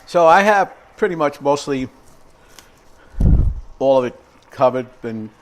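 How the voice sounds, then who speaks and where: A mid-range voice with lively intonation, a little slow, belongs to an older home cooking host showing a recipe in his kitchen. His casual demonstration is rambling and chatty, thick with fillers and asides.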